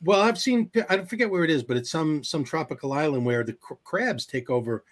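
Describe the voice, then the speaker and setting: Rambling, swearing man, slightly high voice. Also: expressive, fairly quick. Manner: rambling, restarts, profane reactions. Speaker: podcast co-host. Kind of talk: casual comedy chat.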